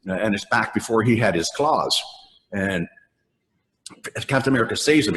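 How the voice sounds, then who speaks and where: An older man with a lowish voice tells long, wandering anecdotes, breaking into laughter and mimicking lines as he goes. His voice trails in a long, echoing reverb. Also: a bit bright. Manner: rambling, laughs often, acts out lines. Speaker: voice actor guest. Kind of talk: casual interview storytelling.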